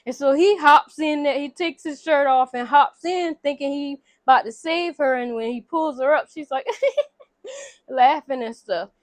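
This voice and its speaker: Woman vlogger, high voice, casual slangy recap with acted-out quotes, dry close sound. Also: moderate pace, hardly any pauses, no room sound. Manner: animated, slangy, acts out characters' lines.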